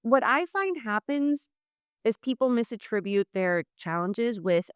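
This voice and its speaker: Here the New Orleans coach speaks at a measured pace in a fairly high, smooth voice, with studio-quality audio and no room sound. As a guest in a conversational video-call interview, this leadership communication coach from the US South explains concepts and performs quoted dialogue in lively voices.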